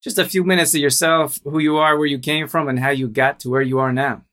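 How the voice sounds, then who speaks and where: A man's voice: fairly high pitch, fairly even intonation, fairly quick, fairly bright tone. A man hosting an interview, asking questions in an upbeat, encouraging way. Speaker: podcast host.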